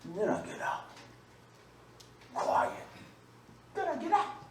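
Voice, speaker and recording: High-voiced preacher in an echoey room. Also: male voice, wildly swooping pitch, a little hiss or hum. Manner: rises from quiet asides to loud, drawn-out scripture reading. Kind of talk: sermon. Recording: echoey room, mic at a distance.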